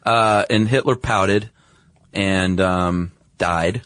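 A man's voice: low-pitched, extremely slow, a bit bright, no echo. A man co-hosting a casual podcast chat, enthusiastic and explaining things step by step. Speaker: podcast co-host.

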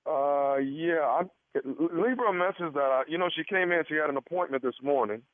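A man's voice: a little high, normal speed, no echo, close to an everyday voice. A man playing an awkward male gynecologist who stammers and hesitates through a phone call. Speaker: prank caller. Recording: tinny phone line.

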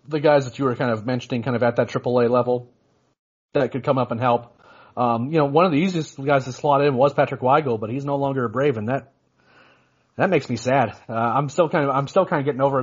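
A man talks fast as he co-hosts a casual sports podcast. He rambles, restarts often and fills with "you know". His voice is husky, with a dull, lo-fi quality. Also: medium pitch. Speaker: podcast co-host.

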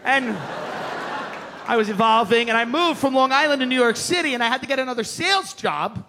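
Brash high-voiced stand-up man, noisy theater. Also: a little fast. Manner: brash, profane, aggressive rants. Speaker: stand-up comedian. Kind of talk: stand-up comedy set. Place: theater stage before a live audience. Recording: stand-up recording with crowd noise.

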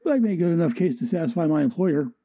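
A blunt, cool-headed female boss read by a man, slightly raised from his own pitch but still husky and dark. She speaks in clipped, businesslike lines from a comic. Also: lively intonation, racing. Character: cold, tough female government boss.

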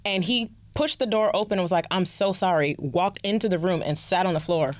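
A woman's voice: on the low side, fairly quick, no echo. A woman telling a personal story in a casual chat. She laughs often and talks in a loose, heartfelt way. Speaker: guest.

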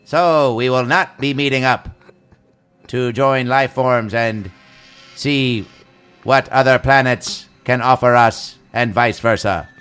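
A man doing a stiff, formal alien visitor voice, speaking in flat, measured phrases. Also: mid-range voice, clean tone, faint music behind. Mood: deadpan formal.

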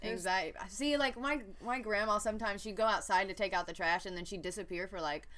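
A woman's voice: medium pitch, a bit bright. A woman co-hosting a casual chat, telling childhood stories with frequent laughter. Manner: giggly storyteller, quick to laugh at herself.

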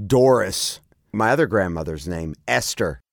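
A man hosting a podcast in loose, joking chat, his pitch swinging up and down a lot. He talks in an unhurried way, laughs often and hams up mock moans. The sound is dry and close-miked. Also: lively intonation, vocal fry, no room sound. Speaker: podcast co-host. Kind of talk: casual chat.

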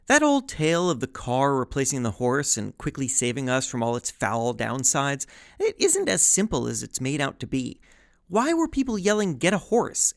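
Male podcast host: scripted, wry and chatty, slightly high with a gravelly rasp. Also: dry recording, studio quality. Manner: lively, wry, chatty asides.

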